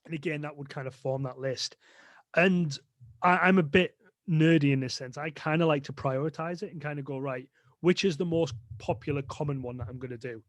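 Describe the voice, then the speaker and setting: A man's voice: a little high, fairly quick, no echo. A man talking as a guest on a podcast, explaining dog training in a chatty way with lots of fillers. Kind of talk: casual podcast interview.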